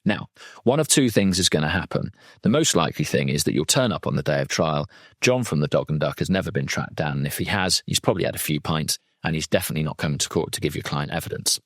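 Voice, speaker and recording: A man's voice: rumbling low, lively intonation, fast talker, a bit bright, breathy edge, no room sound, studio quality. A man, a legal trainer and former defence lawyer, talking through a case in a chatty, digressive way with plenty of asides. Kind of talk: conversational legal training talk.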